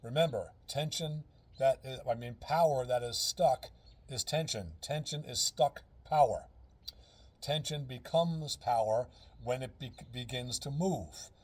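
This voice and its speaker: Husky-voiced man explaining earnestly. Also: medium pitch, unhurried, a little mellow. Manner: earnest, explains step by step, repeats key phrases. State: out of breath. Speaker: fitness and breathing instructor. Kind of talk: casual instructional vlog.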